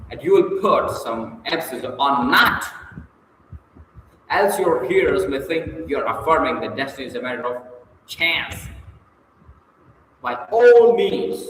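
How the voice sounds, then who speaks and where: Man reading with lively emphasis, echoey. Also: on the high side. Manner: lively emphatic reading with stretched stressed words. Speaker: reader of a public speaking book. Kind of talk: reading aloud a book lesson. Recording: echoey room with long reverb, faint noise.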